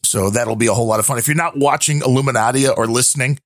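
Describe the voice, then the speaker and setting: A man's voice: medium pitch, fast talker, no echo, clean studio sound. A man hosting a casual podcast, joking and teasing his co-hosts. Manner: animated, joking. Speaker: podcast host.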